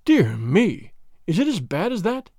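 A man reading an audiobook, voicing a sly, sarcastic French agent who speaks quietly with mock gallantry. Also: high-pitched, big pitch swings, moderate pace, no room sound, studio quality. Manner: quiet, smooth, mockingly gallant. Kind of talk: audiobook character voice.

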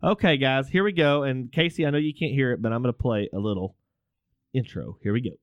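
This Texan man hosts a casual podcast, speaking in a mid-range voice at a slightly fast clip over dull audio. He jokes, puts himself down, and often stumbles over his words.

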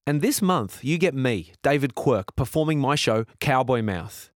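A man's voice: medium pitch, animated, moderate pace, no room sound. A man, a comedian, giving a wry scripted introduction to a comedy podcast. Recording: dry studio voice over music.

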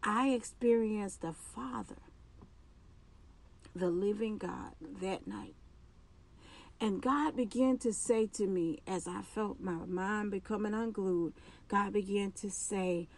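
A woman hosting a podcast, giving an earnest personal faith testimony and speaking haltingly, with restarts and repeated phrases. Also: medium pitch, darkish tone. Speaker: podcast host.

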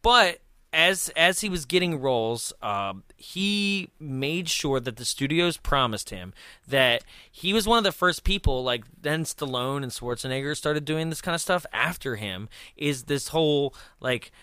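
A man hosting a film commentary chat, telling a story in a lively way, acting out quotes and laughing often. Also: a little high, unhurried, clear, resonant tone, no echo, clean studio sound. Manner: animated, acts out quoted voices, laughs often. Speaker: film commentary podcast host.

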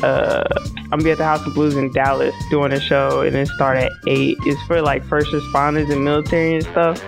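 A woman's voice: low-pitched, little pitch movement, fairly quick, gravelly, over music. A woman appearing as a musician guest on a podcast, chatting casually with an upbeat, giggly manner. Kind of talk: casual chat.

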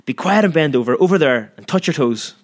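A man's voice: medium pitch, fairly quick, natural voice. A man voicing a stern, menacing school headmaster who speaks in a scornful, barking way. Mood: severe.

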